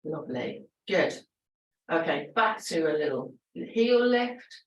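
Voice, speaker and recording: A woman leading a gentle exercise class, encouraging and chatty, laughing often between cues. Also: low-pitched, big pitch swings, slow, recorded from a distance, lo-fi sound. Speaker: fitness instructor. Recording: roomy echo, voice from away from the mic.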